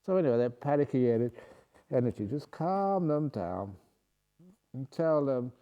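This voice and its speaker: A man's voice: medium pitch, big pitch swings, normal speed, dull audio. A man, a Buddhist monk and meditation teacher, reading out questions at a retreat and answering them with humor. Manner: humorous, playful, reads questions aloud then answers.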